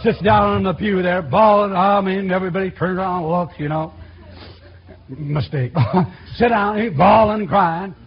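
A man preaching a sermon in a church, folksy and animated, acting out quotes with sudden loud outbursts. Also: high voice, moderate pace. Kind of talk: sermon with storytelling. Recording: dull lo-fi recording.

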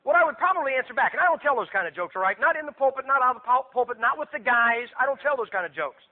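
A man from the United States preaching with a strikingly high voice, hammering his points through repetition and dry sarcastic jabs. The sound is thin and narrow, like a lo-fi recording played down a phone line. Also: lively intonation, racing. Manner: emphatic, repetitive, sarcastic asides. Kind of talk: sermon. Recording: tinny phone-like lo-fi sermon recording.

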